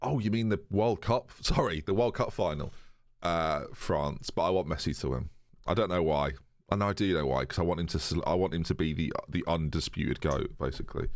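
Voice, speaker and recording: A man's voice: deep voice, dry recording, studio quality. A young man casually chatting with his live-stream viewers, joking and reading their messages aloud. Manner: chatty, jokey, reads chat aloud.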